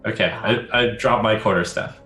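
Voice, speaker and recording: A man's voice: fairly low pitch, moderate pace, soft background music. A man playing a tabletop game casually, describing what his character does. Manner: relaxed, describing his moves. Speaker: player. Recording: roomy echo.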